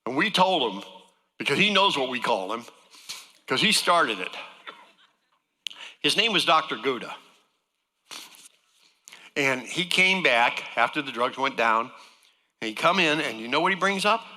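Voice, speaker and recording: A man's voice: mid-range voice, lively intonation, measured pace, long pauses, bright, forceful tone, in a large hall, slight background noise. A man giving a folksy, joking personal testimony as a guest speaker to a church congregation.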